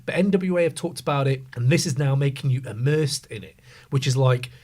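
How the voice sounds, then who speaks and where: A man in a casual podcast debate, talking with animated emphasis and plenty of swearing. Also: medium pitch, fairly quick. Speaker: podcast panelist.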